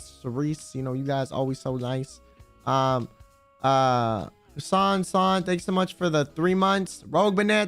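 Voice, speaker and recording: A man's voice: high voice, fairly bright tone. A man streaming live, chatting casually with his viewers in a rambling, crude, joking way. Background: faint background music.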